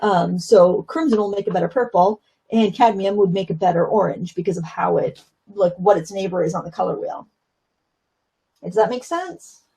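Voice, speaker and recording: Gravelly-voiced woman teaching watercolor. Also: medium pitch, normal speed, dark tone, poor audio. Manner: chatty, explains while painting, many fillers. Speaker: watercolor instructor. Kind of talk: live-stream painting lesson.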